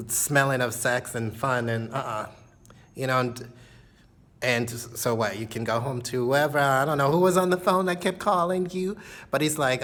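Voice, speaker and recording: A vlogger telling a personal story in a casual confessional monologue, rambling with lots of fillers and repeated catchphrases, sometimes dropping into breathy near-whispers. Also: mid-range voice, a bit bright, slight background noise. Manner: breathy, dreamy asides that drop to a whisper.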